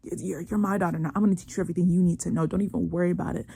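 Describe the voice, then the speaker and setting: A woman's voice: lowish voice, fairly even intonation, racing, gravelly, mellow, slightly rough, no echo, studio quality. A woman voicing a condescending middle-aged mother-in-law who soothes in a backhanded way. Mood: falsely soothing.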